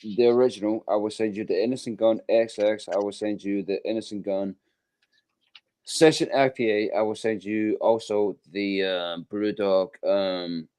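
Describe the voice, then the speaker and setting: A Scottish man hosts a casual video call, his voice lowish, dark and clean, with fairly even intonation at a moderate pace. He rambles and hesitates, filling gaps with plenty of ums and the occasional swear word.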